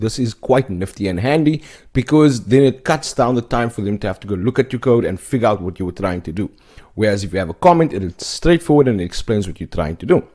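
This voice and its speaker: A man's voice: on the low side, darkish tone. A man narrating a web development lesson, explaining code step by step and often checking in with "okay?". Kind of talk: scripted tutorial narration.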